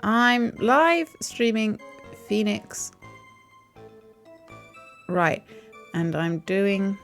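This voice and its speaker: A woman's voice: mid-range voice, expressive, drawn-out words, long pauses, faint music behind. A British woman live-streaming a courtroom game, chatty and self-mocking, laughing often. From Britain.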